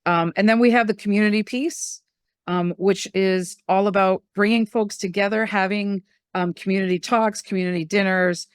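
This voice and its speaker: A middle-aged woman, a medium and spiritual teacher, telling stories in a casual, animated way and acting out the voices she quotes. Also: mid-range voice, moderate pace, clear, resonant tone, no echo, clean studio sound. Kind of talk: casual storytelling conversation.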